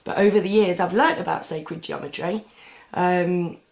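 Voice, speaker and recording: A woman's voice: fairly low pitch, normal speed, gravelly, a little mellow. A woman talking casually to camera in a meandering, chatty way, full of ums and restarts. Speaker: vlogger. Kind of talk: casual rambling monologue.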